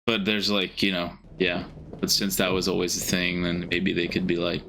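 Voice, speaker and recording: A young man hosts a reaction video, and his tone is bright and forceful over a fairly low pitch. He talks in an excited, blunt way and swears freely. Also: moderate pace, a little hiss or hum. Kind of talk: casual reaction chat.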